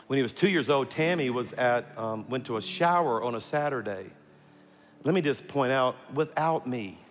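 A man's voice: medium pitch, lively intonation, normal speed. Storytelling pastor man in a big hall. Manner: storytelling, humorous asides, acts out quoted voices. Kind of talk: sermon with personal story. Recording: long hall reverb, faint music.

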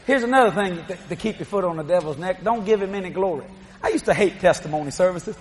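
High-voiced male preacher telling stories. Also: quick pace. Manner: storytelling, animated, laughing asides. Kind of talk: sermon.

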